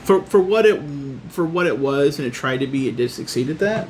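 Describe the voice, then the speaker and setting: A man's voice: a little high, lively intonation, darkish tone. A man hosting a casual movie review chat, joking and hedging with "I mean". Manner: joking, quick to laugh, hedges with "I mean". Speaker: podcast host. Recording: noticeable background noise.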